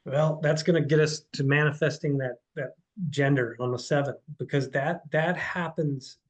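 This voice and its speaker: A man with a fairly high voice talks in a loose, rambling way on a podcast. He restarts his sentences, repeats words and keeps dropping in "man" and "dude" as he tells stories from his horse training. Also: fairly even intonation, moderate pace, low-quality recording. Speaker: podcast guest, horse trainer and life coach. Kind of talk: casual podcast conversation.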